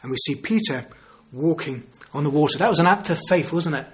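Male preacher, 50s, earnest sermon delivery with rhetorical questions, slightly higher voice. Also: animated, a little fast. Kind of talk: evangelistic sermon.

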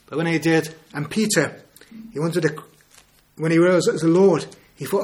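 Male preacher, 50s, earnest sermon delivery with rhetorical questions, slightly higher voice. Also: fairly even intonation, moderate pace, darkish tone. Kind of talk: evangelistic sermon.

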